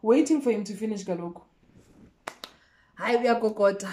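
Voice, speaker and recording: A young South African woman telling a storytime vlog in a lively way, acting out the exchanges as she goes. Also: mid-range voice, normal speed, pauses often, slight background noise. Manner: animated, code-switching storyteller who acts out each exchange. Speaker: YouTuber.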